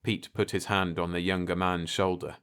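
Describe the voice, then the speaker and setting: A man narrating a bedtime story in a calm, unhurried way. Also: low voice, clear, resonant tone.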